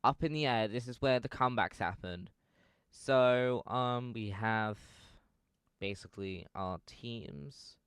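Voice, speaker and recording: A man's voice: medium pitch, takes it slowly, fairly bright tone, clean tone, dry recording, clean studio sound. A young man giving casual fan commentary, rambling and correcting himself with lots of fillers.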